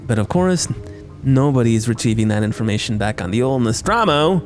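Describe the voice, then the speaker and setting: Male podcast host, comic movie recap, rambling, animated pitch, soft music bed. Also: brisk. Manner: rambling, jokey, self-interrupting.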